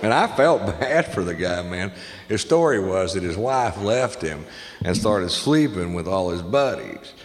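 A man doing a stand-up comedy set on stage, telling crude stories brashly and getting loud on the punchlines. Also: sits low, animated, a little slow. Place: stage in a large venue with a live audience. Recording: echoey hall with audience noise.

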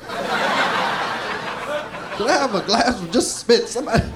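A man's voice: very high voice, lively intonation, moderate pace. A man doing a stand-up set on a club stage, rambling and profane and laughing between lines, his mouth gone dry. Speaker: stand-up comedian. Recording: live club recording with loud crowd. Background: audience reacting.

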